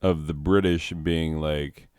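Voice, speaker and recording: Low-voiced teacher guy rambling slowly over his game, smooth voice, goes off on tangents. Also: fairly even intonation, a little mellow, no room sound, studio quality. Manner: laughs at his own jokes and mocks things in silly put-on voices. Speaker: game video host. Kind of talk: casual gaming commentary.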